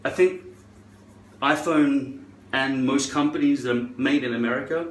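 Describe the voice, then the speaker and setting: At home in an echoey room, a man gives a hairpiece tutorial in a put-on Scottish accent, rambling, joking and swearing a lot. His voice is medium-pitched and steady at a normal speed.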